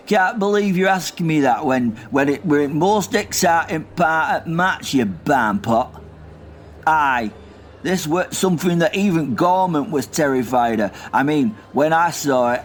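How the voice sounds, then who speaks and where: A man plays a muddled old soldier from Lancashire who rambles, cusses and drifts off topic in thick dialect. The voice sits a touch high for a man, with a faint hiss of noise underneath. This is a comic audio drama, where he is always half lost in his memories. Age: older. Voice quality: gruff dialect-heavy rambling, confused and crude. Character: rambling crude old male war veteran.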